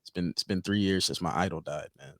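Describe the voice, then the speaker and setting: A man on a podcast in casual chat, telling stories excitedly, repeating himself, swearing freely. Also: low-pitched, fast, creaky, no room sound. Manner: repetitive, excited, profane. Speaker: podcast co-host.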